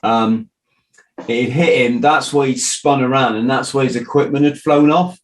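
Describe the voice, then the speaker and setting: A man's voice: medium pitch, fairly even intonation, normal speed, rough recording. A middle-aged man hosting a podcast, talking in a loose, rambling way with restarts and the odd swear word. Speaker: podcast host. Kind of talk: casual interview chat.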